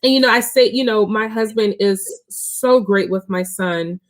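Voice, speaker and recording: A woman's voice: mid-range voice, normal speed, a little hiss or hum. Talk show guest: a woman in her thirties, open and chatty, personal story. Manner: open and chatty, many fillers.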